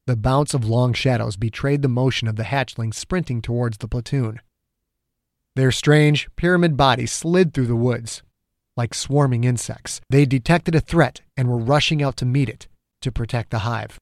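A man narrating his own serialized thriller in a dramatic, measured way. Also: mid-range voice, no room sound, clean studio sound. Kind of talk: scripted audiobook narration.

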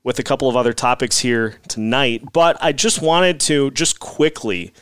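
A man's voice: mid-range voice, normal speed, a bit bright, clean tone, no echo. A man hosting a casual sports podcast, talking in an easygoing, rambling way with fillers. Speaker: podcast host.

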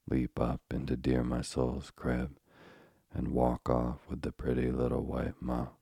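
A man reading a classic bedtime story aloud, in a slow, solemn, dramatic way. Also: a bass voice, gravelly, mellow, husky, dry recording, clean studio sound. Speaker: narrator.

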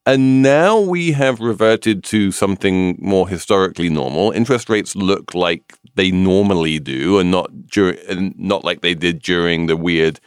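A man hosting a podcast, explaining things briskly and adding quick asides. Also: deep voice, clear, resonant tone, no echo, clean studio sound. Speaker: podcast host.

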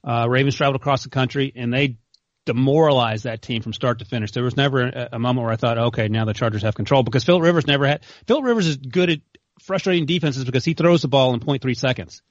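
Young male sports co-host, rapid and opinionated, dry lo-fi sound. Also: mid-range voice, no room sound. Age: young adult. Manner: fast, opinionated, corrects others. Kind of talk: casual sports debate.

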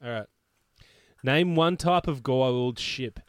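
A man co-hosting a casual chat, telling stories in a deadpan way and running a quiz. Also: mid-range voice, takes it slowly, clean tone, no echo. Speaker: podcast co-host and quiz master.

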